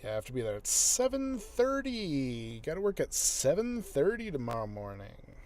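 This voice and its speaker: A man's voice: medium pitch, darkish tone. A tired man who narrates audiobooks, talking to himself as he edits one, often drifting into whispers. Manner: muttering thoughts aloud, drifting into whispers. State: tired, yawning. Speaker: audiobook narrator editing his recording. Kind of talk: casual talk-along while editing.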